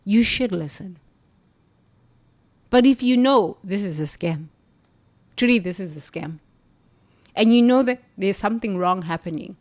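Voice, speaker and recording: A woman from the United States recounts her time as a nun in a lively, emphatic monologue. She speaks in a middle-pitched voice and often laughs between her lines. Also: normal speed, long pauses. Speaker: former nun, storyteller. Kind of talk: spiritual storytelling monologue.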